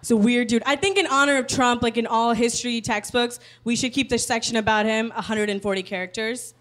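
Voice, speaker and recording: A woman's voice: a little high, steady tone, a little fast, a bit bright. A woman from the United States doing a sardonic stand-up comedy set in a comedy club. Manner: sardonic, political jokes.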